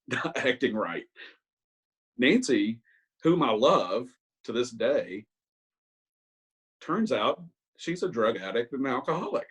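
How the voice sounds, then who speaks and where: Husky older man sharing his story. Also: medium pitch, poor audio. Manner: candid, self-mocking storytelling with hesitant ums. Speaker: Al-Anon speaker. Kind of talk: personal recovery share. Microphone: video call.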